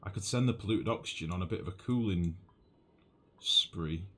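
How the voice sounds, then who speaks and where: A man's voice: low-pitched, moderate pace, a bit bright, slightly rough. A young northern English man live-streaming a game, thinking aloud and chatting casually with viewers, calling them mate. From northwest England. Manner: thinks aloud, chats with chat, calls people mate.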